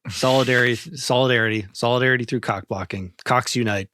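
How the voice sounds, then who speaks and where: A man's voice: medium pitch, fairly even intonation, fast talker, pushed and bright, slight background noise. A man co-hosting a podcast, delivering sarcastic rants in mock outrage. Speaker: podcast co-host. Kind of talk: comedic banter.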